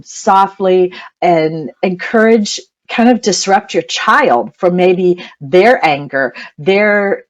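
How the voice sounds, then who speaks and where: A middle-aged woman gives an educational webinar as a parent coach. She talks in a chatty, informal way, scattering ums and small laughs through her points. Her voice sits a bit low for a woman. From United States.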